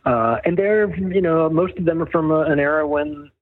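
A man's voice: on the high side, moderate pace, no echo. A man being interviewed as a guest author, talking in a wry, rambling, sardonic way as he tells stories. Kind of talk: casual interview storytelling. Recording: tinny phone-line call, dry.

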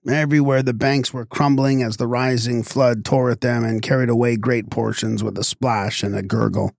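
A man narrating a literary story in a measured, expressive storytelling manner. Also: medium pitch, creaky, no echo, clean studio sound.

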